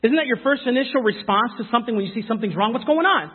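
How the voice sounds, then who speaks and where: A man preaching a sermon, animated and talking straight to the congregation with quick asides. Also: very high voice, husky. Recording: phone-like sound with long hall reverb.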